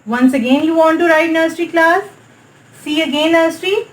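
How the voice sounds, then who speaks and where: A woman with a Pakistani English accent teaching a nursery maths lesson in a slow, sing-song way, repeatedly calling on the class. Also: very high voice, reverberant, poor audio. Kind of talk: recorded online maths lesson for small children.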